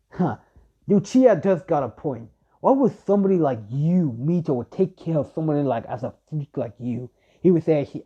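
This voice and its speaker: A young man improvising fan-fiction narration in a rambling way, full of fillers and restarts, on a dull lo-fi recording. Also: medium pitch. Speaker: fan storyteller.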